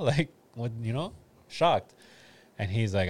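A man's voice: fairly low pitch, a little fast. A man, telling a story in loose, profane casual chat.

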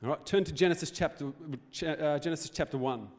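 A man gives a church sermon, talking in a loose, joking way and putting questions to the room. His voice sits a little high for a man. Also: fairly quick. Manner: conversational, joking preaching with rhetorical questions. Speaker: pastor. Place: church hall.

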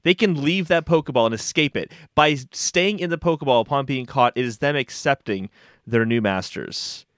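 A man's voice: medium pitch, moderate pace, no echo, studio quality. Indignant man arguing a mock defense. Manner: rhetorical questions, indignant debating tone. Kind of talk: comic mock courtroom argument.

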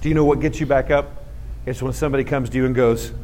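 A middle-aged man giving an animated motivational talk, telling stories and leading the audience in call-and-response. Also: mid-range voice, quick pace, a little hiss or hum. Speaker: motivational speaker. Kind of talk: storytelling talk to a live audience. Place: stage before a live audience.

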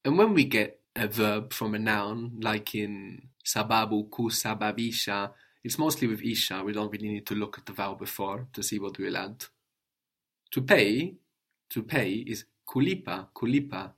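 A man teaching a language lesson, patiently prompting his student with questions and gently correcting answers. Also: lowish voice, moderate pace.

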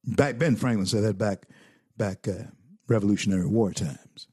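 A man's voice: on the low side, normal speed, warm tone, slightly rough, dry recording, clean studio sound. A male talk show host giving fervent political commentary, preaching and repeating phrases for emphasis.

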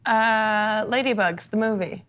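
A woman's voice: medium pitch, a little slow, fairly bright tone. A woman chatting as a guest on a casual show, making wry, playful asides. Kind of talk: casual chat.

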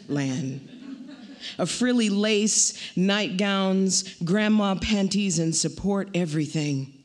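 A woman poet reading her own poem aloud at a live event, with a wry, rhythmic delivery and pointed pauses. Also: on the low side.

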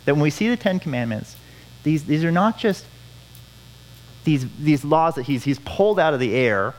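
A man's voice: fairly high pitch, lively intonation, normal speed, low-quality recording. A man preaching a sermon, earnest, repeating key phrases for emphasis. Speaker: pastor.

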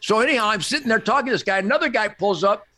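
An older man talks with a high, bright and sharply forceful voice that leaps all over the place. He tells his stories emphatically and a bit boastfully. He laughs often as he goes. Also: animated, rapid-fire. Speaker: guest. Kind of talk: animated storytelling in conversation.

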